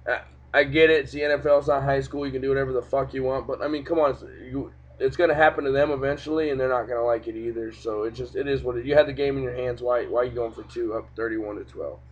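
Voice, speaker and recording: A young man hosts a casual football podcast from home, swearing freely and ranting hard about calls and coaching. His voice sits at an ordinary pitch. The recording is slightly muffled and lo-fi. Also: fast talker. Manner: profane, ranting, animated. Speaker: podcast host. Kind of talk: casual sports podcast chat. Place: home room, cat nearby.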